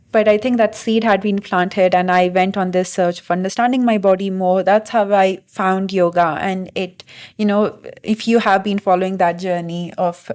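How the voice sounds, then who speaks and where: A young adult woman talking through her thoughts in a reflective vlog monologue, halting and full of fillers and restarts. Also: lowish voice, darkish tone. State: briefly emotional. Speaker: vlogger.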